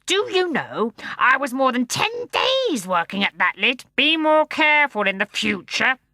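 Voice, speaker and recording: A woman voicing a big, kindly male bear gatekeeper with a deep, gruff voice and a slow, measured way of talking. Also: big pitch swings, bright, forceful tone, dry recording, studio quality, heavily acted. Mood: gruff, genial.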